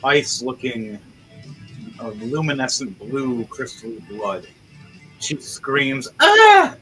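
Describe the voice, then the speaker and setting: A man's voice: mid-range voice, takes it slowly, pushed and bright, husky, rough recording. A man narrating as game master with casual, profane, gory descriptions. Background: background music.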